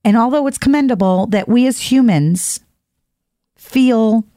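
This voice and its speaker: A woman's voice: on the high side, a little slow, mellow, no room sound, clean studio sound. A middle-aged woman host delivering a blunt, emphatic opinion monologue, often repeating her points. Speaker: podcast host.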